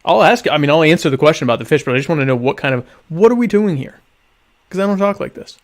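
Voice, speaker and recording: A young man with a slightly higher-pitched voice hosts a loose live-stream chat. He reads viewer comments aloud and answers them with dry, mock-grandiose sarcasm. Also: lively intonation, fast. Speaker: podcast host.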